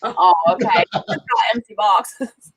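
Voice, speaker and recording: A woman's voice: mid-range voice, unhurried, fairly bright tone, slightly rough. A woman hosting a livestream, greeting viewers and laughing often in casual chat over a video call. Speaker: livestream host.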